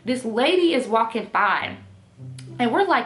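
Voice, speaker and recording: A young woman telling a storytime vlog in an animated, profane, emphatic way. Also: on the high side, a little slow. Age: young adult. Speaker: storytime vlogger.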